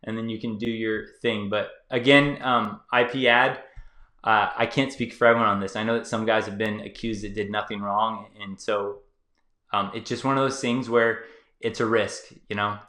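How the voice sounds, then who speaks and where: A man's voice: on the low side, fairly even intonation, normal speed, sharp tone, roomy sound. A man hosting his own online channel, giving loose, conversational advice to viewers with lots of fillers. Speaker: YouTube channel host. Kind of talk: casual advice monologue to viewers.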